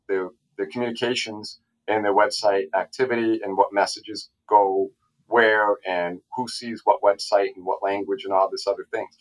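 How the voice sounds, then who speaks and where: A tax attorney appearing as a podcast guest explains a legal case casually, halting often, restarting sentences, and drifting into asides. His voice sits on the low side, and the audio quality is poor.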